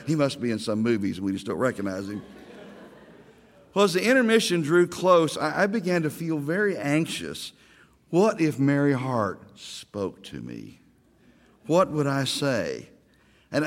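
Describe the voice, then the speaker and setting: A man's voice: on the high side, big-room sound. A middle-aged man from Oklahoma, a pastor giving a sermon, telling stories with self-deprecating humor.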